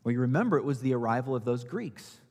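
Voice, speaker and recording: A man preaching a sermon as pastor, asking rhetorical questions and swinging between loud emphasis and quiet, low asides. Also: lively intonation, quick pace, breathy edge. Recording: long hall reverb.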